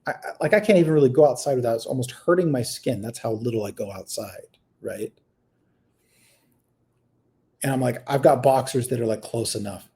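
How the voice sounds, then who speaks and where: A man in his thirties talks quickly at a medium pitch, barely pausing as he tells a personal story in casual conversation. He rambles with many fillers and restarts, alternating between quiet stretches and animated bursts.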